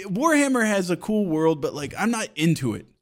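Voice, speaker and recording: A young man co-hosting a podcast, chatting in an animated, profane way and laughing often. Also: high-pitched, a little fast, crowd noise. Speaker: podcast co-host. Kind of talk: casual chat.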